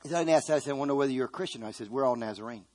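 A man's voice: mid-range voice, very fast, darkish tone. A man preaching a sermon, earnestly retelling a story with quoted dialogue.

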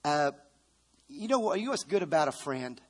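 Fervent middle-aged male preacher, slightly high. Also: big pitch swings, moderate pace, husky. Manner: fervent preaching with call-and-response to the congregation; repeats phrases for emphasis, with frequent restarts. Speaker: pastor. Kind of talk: sermon.

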